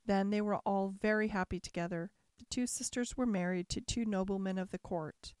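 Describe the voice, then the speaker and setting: A woman narrating a classic fairy tale as a calm, measured bedtime story. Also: mid-range voice, clear, resonant tone, no room sound, studio quality.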